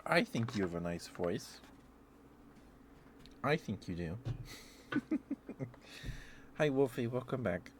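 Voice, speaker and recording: A man streaming ASMR from home, chatting softly and giggling as he greets viewers by name, close to the mic. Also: mid-range voice, big pitch swings, takes it slowly, long pauses, a little hiss or hum. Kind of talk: soft-spoken ASMR live stream chat.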